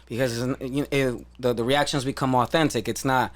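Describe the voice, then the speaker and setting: A man's voice: mid-range voice, steady tone, a little fast. A man hosting a casual podcast chat, slangy and profane, restarting sentences as he thinks.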